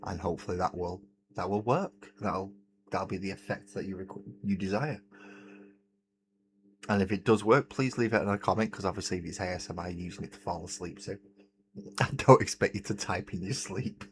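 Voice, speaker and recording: A man with a low, fairly even voice talks fairly quickly, with a little hiss or hum in the audio. He's hosting a casual livestream, painting miniatures at a desk mic pulled close to his face, chatting, laughing often and reading out chat messages.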